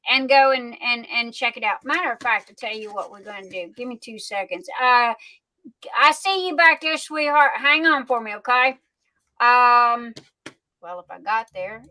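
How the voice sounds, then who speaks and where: A woman's voice: on the high side, bright, forceful tone, clean tone, low-quality recording. A woman hosting a casual live stream, chatting in a folksy way with lots of fillers and restarts. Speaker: livestream host.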